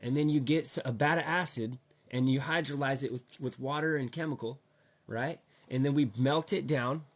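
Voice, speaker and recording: A man speaks at an ordinary middle pitch in a loose, heated monologue to his audience. He talks in slang and swears casually. He keeps repeating himself as he presses his point. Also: moderate pace. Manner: slangy, profane, heated and repetitive. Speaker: vlogger.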